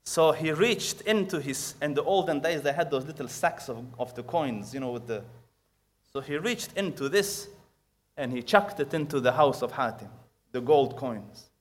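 A man preaching a sermon, telling a story with acted quotes and quick recited Arabic verses, moving between loud emphasis and hushed asides. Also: a little high, animated.

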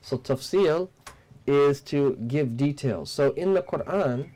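A man's voice: a little high, mellow. Man teaching a religious text. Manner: measured teaching, mixing Arabic terms and quotations. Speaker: Islamic teacher. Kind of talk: religious lesson explaining a text.

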